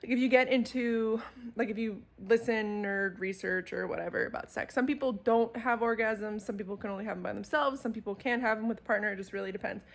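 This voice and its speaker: A woman's voice: medium pitch, brisk. A young woman chatting casually to her camera at home, talking animatedly with lots of fillers and bursts of laughter. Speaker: book vlogger. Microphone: camera mic.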